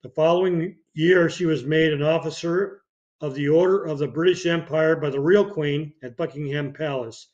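A man hosting a podcast, reading obituaries with dates and film credits in a steady way, now and then slipping and starting a phrase again. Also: a little high, normal speed. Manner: reads dates and credits steadily, with occasional slips and restarts. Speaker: podcast host. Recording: dull lo-fi podcast audio.

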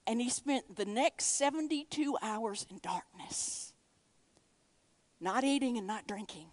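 High-voiced woman preaching with fervor. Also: unhurried, no echo. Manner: dynamic preaching, swings between loud emphasis and hushed whispers. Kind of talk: sermon.

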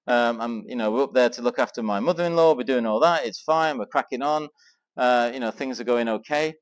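A middle-aged man from England telling an animated personal story to a Christian men's gathering, acting out the dialogue as he goes. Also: mid-range voice, brisk. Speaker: speaker at a men's Christian weekend. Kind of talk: storytelling talk to a live audience.

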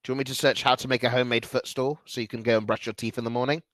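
A young man streaming a game, loud, taunting and profane, bursting into shouts. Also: mid-range voice, level tone, racing, dry recording. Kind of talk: casual gaming banter.

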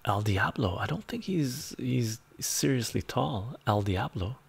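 A man hosting a casual live stream, soft-spoken and laid-back, reading chat, chuckling often and drifting into whispers. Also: mid-range voice, expressive, measured pace, gravelly, breathy edge. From Canada.

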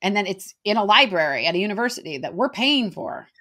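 A woman with an American accent, talking casually as a guest in an interview, chatty and quick, with lots of "like" and "right?". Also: medium pitch, big pitch swings, sharp tone. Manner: chatty, fast, heavy on filler "like" and "right?".

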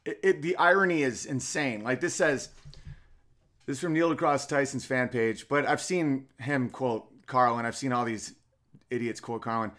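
A man's voice: medium pitch, normal speed, a bit bright. A middle-aged man hosting a casual comedic podcast, firing off sarcastic rhetorical questions. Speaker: podcast host.

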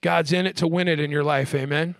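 A man preaching a sermon as pastor, asking the crowd "amen?" and slowing down to stress key words. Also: a little high, fairly even intonation, creaky, a bit bright, dry recording, clean studio sound. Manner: call-and-response preaching, frequent "amen?".

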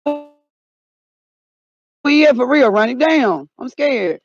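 A woman vlogging outdoors, excitable and dramatic, often shouting, in a dull lo-fi recording. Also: medium pitch, slow, creaky, long pauses, husky, no room sound. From North Carolina, US. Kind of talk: casual vlog. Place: outdoors in cold weather. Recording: dull lo-fi sound.

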